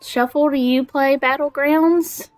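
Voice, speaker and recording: A woman's voice: sits high, fairly even intonation, a little slow, no echo, soft background music. A young woman from Alabama with a Southern accent, chatting in a bubbly, giggly way while she streams a game. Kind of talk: casual gaming livestream chat.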